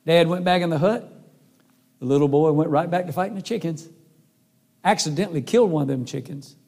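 A man's voice: a little high, a little fast, gravelly, a little mellow. A man preaching a sermon and telling stories in an earnest, folksy way. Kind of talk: sermon with storytelling. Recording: long hall reverb.

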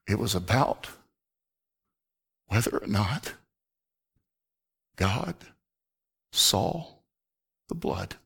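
A man preaching a sermon earnestly, dropping to a hushed voice for emphasis. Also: on the low side, sing-song, very slow, creaky, long pauses, breathy edge. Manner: earnest, drops to a hushed near-whisper for emphasis.

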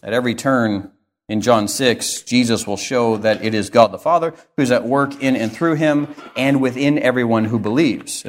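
A man preaching an expository sermon, with emphatic, rhythmic repetition. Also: mid-range voice.

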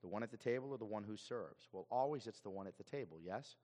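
A male pastor preaching a sermon in an animated way, often repeating words as he goes. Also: on the low side, fast, in a large hall.

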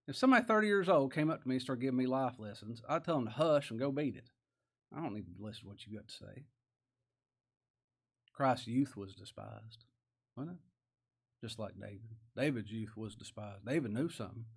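A man preaching a sermon as pastor, chuckling often and rising to loud emphatic bursts. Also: medium pitch, animated, moderate pace, pauses often, slightly rough.

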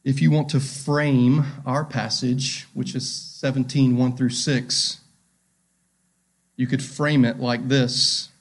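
A man preaching a sermon as pastor, reading scripture aloud and asking his listeners direct questions, swinging between loud emphasis and hushed tones. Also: medium pitch, level tone, takes it slowly.

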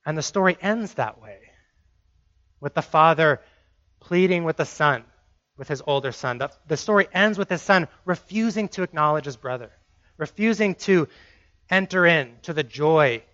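A man's voice: a little high, normal speed, pushed and bright, no echo, muffled recording. A man preaching a sermon, emphatic and driving points home by repeating phrases.

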